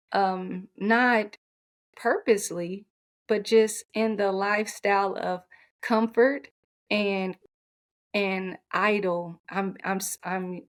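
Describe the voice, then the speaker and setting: A woman coach speaks as a podcast guest, telling her own story with candid feeling. Her voice sits in an ordinary middle pitch. She talks in a heartfelt, lively way. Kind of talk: personal storytelling in an interview.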